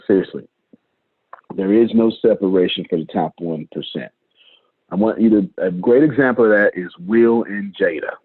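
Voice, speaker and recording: A man's voice: fairly low pitch, normal speed, slightly rough, no room sound. A man coaching his team in a live online meeting, emphatic and fond of repeating phrases for effect. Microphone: video call. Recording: dry, tinny phone-like call audio.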